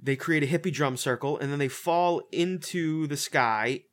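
A man's voice: a little high, normal speed, fairly bright tone. A man casually reviewing a movie on a podcast, loose and profane, full of fillers and restarts. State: says he is a little high. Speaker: podcast co-host.

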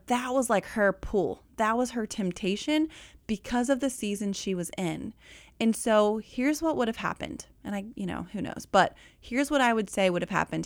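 A woman's voice: medium pitch, dry recording. Chatty woman budget coach. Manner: animated, chatty, addresses listeners as y'all. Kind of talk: casual talk.

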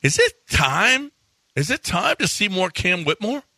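A man co-hosting a sports talk show, firing quick, needling questions in casual chat. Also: sits high, very animated, pushed and bright, no room sound. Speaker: sports radio co-host.

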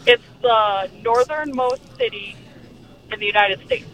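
A woman's voice: on the high side, measured pace, a bit bright, low-quality recording. A woman from Alaska, a guest chatting casually on a podcast and laughing easily.

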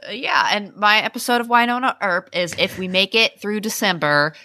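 A woman's voice: mid-range voice, moderate pace, pushed and bright, no echo. A woman co-hosting a podcast in casual chat, with short, laughing comments. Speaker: podcast co-host.

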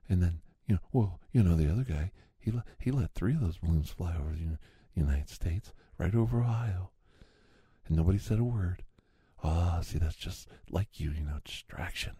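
Husky low-voiced man rambling conspiracies. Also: brisk, warm tone, dry recording. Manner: rambling, keeps saying "see?", drops to sudden whispers.

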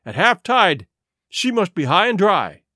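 A man's voice: high-pitched, big pitch swings, a little slow, pushed and bright, no echo, clean studio sound, voice pushed up, full character voice. A man voicing an honest, brave young boy who speaks earnestly and firmly. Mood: resolute. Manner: earnest, firm.

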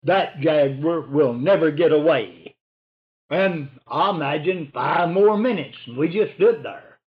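A man's voice: a little high, lively intonation, a little slow. An older man, telling a hunting story in a rambling, folksy oral-history style. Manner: folksy, rambling, drops to a hushed voice for whispered lines. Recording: dull lo-fi recording.

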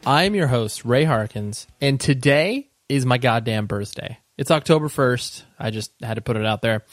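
A man's voice: mid-range voice, animated, normal speed, hardly any pauses, no room sound, studio quality. A man hosting a casual podcast, talking loosely with lots of fillers and sarcastic asides. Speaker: podcast host.

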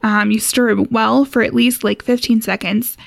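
A young woman co-hosting a casual cocktail podcast, explaining a recipe in a relaxed way with frequent laughs and fillers. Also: fairly high pitch, moderate pace, vocal fry, dry recording. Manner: relaxed, giggly, lots of fillers. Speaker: co-host.

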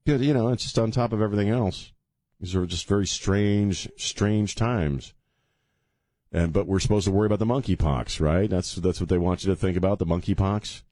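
A man's voice: sits low, moderate pace, dark tone, no room sound, clean studio sound. A man hosting a talk radio show, rambling casually and joking at his own expense, then turning earnest about faith. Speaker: radio host. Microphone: studio mic with headphones.

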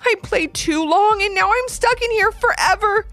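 A woman voicing a young boy who yells desperately for help. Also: high-pitched, lively intonation, moderate pace, soft background music, voice pushed up, heavily acted. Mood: panicked. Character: panicky young boy trapped and calling out.

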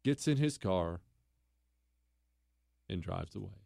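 A man hosting a radio talk show, telling a story in an animated, joking way and teasing his co-host. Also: low-pitched, slow, creaky, no room sound, studio quality.

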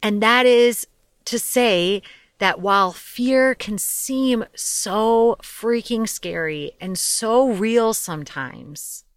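Studio-quality audio with no room sound captures a young woman's clean, medium-pitched voice. Hosting her podcast solo, she chats casually and animatedly about life coaching, with frequent light laughter, mild swearing and loose asides.

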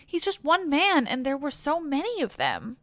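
A woman's voice: sits high, big pitch swings, moderate pace, a bit bright, dry recording, voice pushed up. A woman voicing a grieving, distrustful queen who answers with weary, scolding disbelief. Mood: disbelieving.

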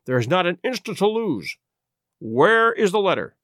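A man reading an audiobook, playing a cool, commanding detective who speaks in a measured, authoritative way. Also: high voice, very animated, fairly bright tone, no echo, studio quality. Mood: firm.

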